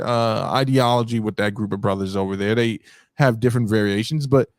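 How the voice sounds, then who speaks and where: Animated male talk show host. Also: no room sound, clean studio sound. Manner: animated, rising pitch when making points; repeats words often, lots of filler. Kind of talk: casual debate talk.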